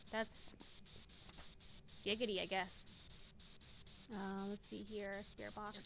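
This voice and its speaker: A woman's voice: mid-range voice, little pitch movement, slow, creaky, long pauses, a little hiss or hum. A young adult woman streaming a game, telling a story in a casual, rambling way, often correcting herself and joking. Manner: rambling, self-correcting, jokey. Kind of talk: casual storytelling while gaming.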